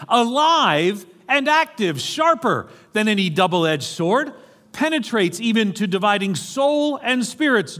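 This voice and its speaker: Man, New York accent, middle-aged, pastor preaching a sermon, animated with playful asides, slightly high voice, long church-hall reverb. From New York City. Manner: animated, joking asides to the congregation.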